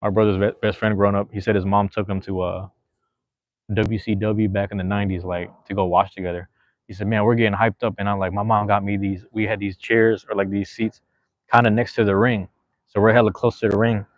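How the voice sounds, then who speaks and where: This podcast host is a man with a lowish voice and a level tone, talking a little fast while he reads the live chat in a loose, slang-heavy, meandering way full of fillers. The recording is dry, with the highs cut off.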